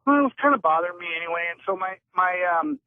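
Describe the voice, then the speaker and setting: A man's voice: high voice, animated, very fast, no room sound. A man calling in to a show, earnestly rambling through a personal story on a tinny phone line. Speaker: caller.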